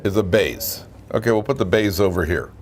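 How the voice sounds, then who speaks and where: Casual rabbi teaching a class, asks the room questions, faint room noise. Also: male voice, low voice, a little fast. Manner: lively, asks the class questions, frequent "right?". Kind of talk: informal Torah class.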